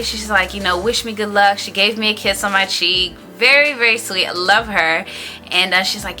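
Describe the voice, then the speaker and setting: A woman in her thirties tells a personal story in a casual vlog. She is animated and acts out the other people in it with raised voices. Her voice is bright and clear, with faint music playing underneath. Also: mid-range voice, moderate pace. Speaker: beauty vlogger.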